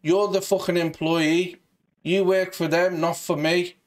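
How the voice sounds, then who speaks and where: A man's voice: high-pitched, little pitch movement, unhurried. A man with a Liverpool accent on a prank call to a scammer, brash, mock-tough and swearing freely. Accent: Liverpool (Scouse). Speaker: scambaiter.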